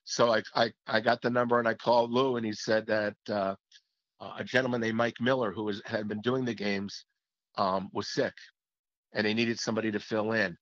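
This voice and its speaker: A man with a fairly low voice looks back on his years as a hockey play-by-play announcer. He tells his stories reflectively and often restarts his sentences. The sound is slightly muffled and lo-fi, and it is dry, with no room echo. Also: level tone, moderate pace, a bit bright. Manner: reflective storytelling with frequent restarts. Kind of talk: reminiscing interview talk.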